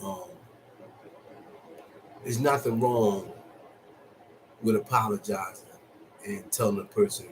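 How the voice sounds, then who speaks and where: A man's voice: takes it slowly, long pauses, slight background noise, rough recording. Blunt, profane man giving advice. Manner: profane, blunt street talk with lots of laughing; swings from low and calm to high and loud. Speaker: vlogger. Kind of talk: casual advice monologue.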